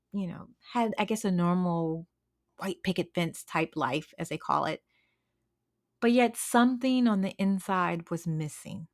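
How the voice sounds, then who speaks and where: A woman hosting an encouraging podcast, telling a story in an unhurried, dramatic way with frequent restarts. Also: medium pitch, fairly bright tone. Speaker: podcast host. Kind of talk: storytelling devotional talk.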